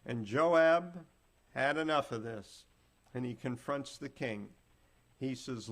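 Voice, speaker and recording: A man's voice: medium pitch, animated, slow, long pauses. A man preaching a Bible teaching sermon, retelling scripture in plain, folksy words and acting out the quotes.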